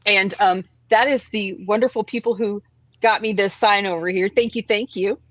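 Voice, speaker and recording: A woman's voice: mid-range voice, steady tone, moderate pace, no echo. A woman hosting a casual livestream talk show, chatty and laughing often, with lots of fillers. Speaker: host. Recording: dry, dull lo-fi sound.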